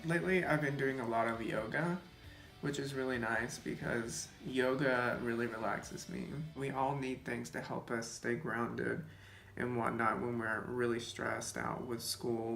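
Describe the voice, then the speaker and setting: Chatty young man with a gravelly voice. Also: medium pitch, level tone, measured pace, fairly bright tone. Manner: chatty and rambling, with many fillers of "like". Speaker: beauty vlogger. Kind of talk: casual get-ready-with-me chat while doing makeup. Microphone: camera mic, seated in front of the camera. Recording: echoey room with faint music.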